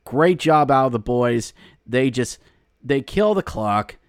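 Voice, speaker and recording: A male podcast host recapping a hockey game, slipping into excited play-by-play calls and shouting at the goals. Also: mid-range voice, takes it slowly, smooth, no echo, clean studio sound.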